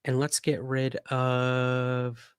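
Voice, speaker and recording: A man's voice: medium pitch, monotone, drawn-out words, clean tone, no echo, clean studio sound. A man hosting a casual livestream, chatty and rambling with many fillers, hiccuping. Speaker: podcast host.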